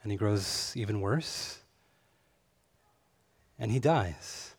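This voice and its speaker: A man preaching a sermon, expressive, moving between hushed reflection and fervent emphasis. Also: lowish voice, slow, slightly rough. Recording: long hall reverb.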